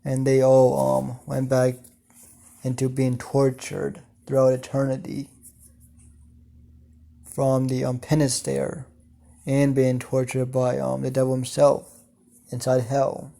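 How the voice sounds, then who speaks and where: A man narrating an improvised fan story, slow and halting with many ums and casual swearing. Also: medium pitch, monotone, creaky, mellow.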